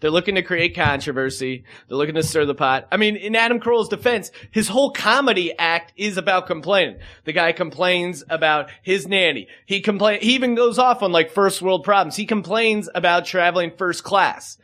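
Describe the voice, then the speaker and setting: A man's voice: high voice, a little fast, few pauses, sharp tone. A man hosting a podcast, ranting in casual chat with sarcastic asides. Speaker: podcast host.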